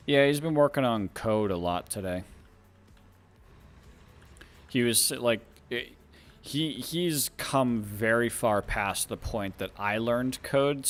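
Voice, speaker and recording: A man's voice: on the low side, a bit bright. A man streaming a driving game, chatting casually with lots of laughs and rambling restarts.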